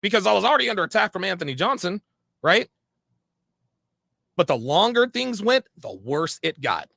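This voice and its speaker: Worked-up guy with a high gravelly voice, swears a lot, acts out every convo. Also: moderate pace, no room sound, studio quality. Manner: animated, profane, acts out quoted conversations. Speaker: podcast host. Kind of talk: heated storytelling monologue.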